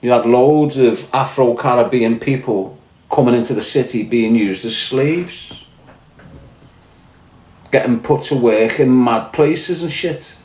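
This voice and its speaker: Heard in an echoey room on a low-quality recording, a Scouse man from Liverpool, England, rants as a podcast guest. He's slow and darkish in tone at a medium pitch, blunt and profane, circling back to the same points in a conversational monologue.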